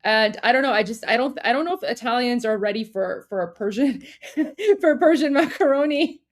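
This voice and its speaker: A woman's voice: a little high, expressive, moderate pace. A woman co-hosting a livestream, chatting casually with lots of fillers and restarts and frequent laughter. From Iran. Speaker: livestream co-host.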